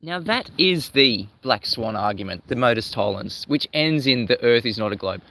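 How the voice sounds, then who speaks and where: A man's voice: mid-range voice, expressive, moderate pace, bright, forceful tone. A man from Australia hosting a livestream, talking in an emphatic, repetitive, combative way. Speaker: livestream host. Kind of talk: livestream commentary.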